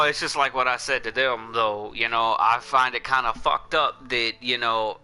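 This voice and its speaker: A man's voice: mid-range voice, bright, forceful tone, clean tone. A man hosting a livestream, telling a heated story in a blunt, profane, ranting way. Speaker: livestream host.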